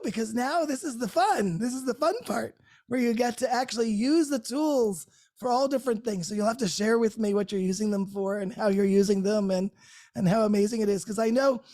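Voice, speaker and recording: A woman's voice: on the high side, mellow. A woman hosting a live group call from her home, talking in an effusive, unscripted way, laughing often and restarting her words. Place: her own home, great room by a Christmas tree.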